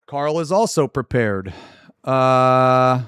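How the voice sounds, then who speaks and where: A man's voice: medium pitch, lively intonation, takes it slowly, a bit bright, clear, resonant tone, no room sound, clean studio sound. A man streaming live, ranting angrily with heavy profanity and hammering the same points over and over. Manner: angry, profane, emphatic repetition. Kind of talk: livestream rant.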